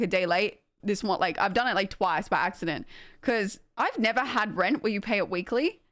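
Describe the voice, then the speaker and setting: This game streamer, a young woman with an Australian accent and a mid-range voice, rambles casually to her stream with plenty of filler likes, self-mockery, and easy laughter. The recording is studio quality, free of echo.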